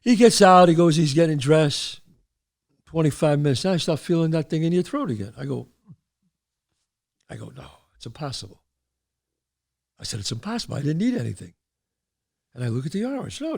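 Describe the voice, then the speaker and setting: A man from the Bronx, hosting a show and telling stories, animated and acting out voices. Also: a little high. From the Bronx, New York. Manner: animated, acts out voices, trails off mid-sentence. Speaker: host. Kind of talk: storytelling.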